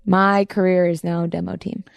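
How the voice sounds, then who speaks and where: A woman's voice: fairly low pitch, flat delivery, moderate pace, vocal fry, no echo, clean studio sound. A young woman, a guest athlete, in easygoing casual chat, laughing often and hesitating with fillers.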